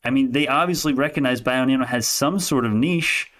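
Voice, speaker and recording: A young adult man giving casual, animated stock commentary on a live stream, arguing with chat and laughing often. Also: mid-range voice, fairly quick.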